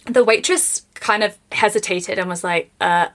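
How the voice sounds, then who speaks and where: A woman with an English accent hosting a podcast, telling stories in lively casual chat and laughing often. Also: medium pitch, normal speed. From England. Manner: laughing, animated storyteller. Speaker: podcast host.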